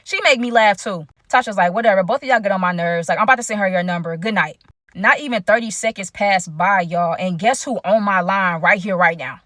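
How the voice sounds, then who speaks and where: Young woman storyteller, bright and forceful, animated and slangy, dry close sound. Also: medium pitch, brisk, dry recording. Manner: animated, chatty, slangy, talks straight to viewers. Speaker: storyteller vlogger. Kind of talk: casual storytime narration.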